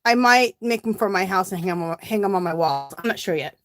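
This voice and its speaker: A woman's voice: medium pitch, fairly quick, no echo, studio quality. A middle-aged woman chatting casually on a home craft livestream, greeting viewers by name and a bit out of breath. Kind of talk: casual live-stream chat while crafting.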